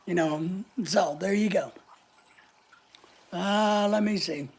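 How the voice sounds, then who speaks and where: A man runs a casual live-stream chat, greeting viewers one by one and reading their comments aloud with jokes. His voice sits fairly high and has a gravelly, husky edge. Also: slow. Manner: jokey, chatty, greets viewers by name.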